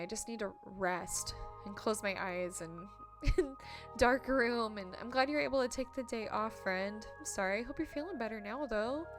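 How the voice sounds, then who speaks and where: A woman streamer chatting bubbly with her viewers while she plays a game live. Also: a little high. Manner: bubbly, chatty, reads chat messages aloud. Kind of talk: live-stream gameplay chat.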